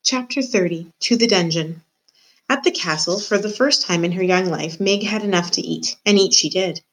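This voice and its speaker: Teacher reading a chapter book aloud to her class, a woman with a lowish voice, expressive delivery. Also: moderate pace, poor audio. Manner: expressive, addresses the reader. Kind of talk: read-aloud storytelling.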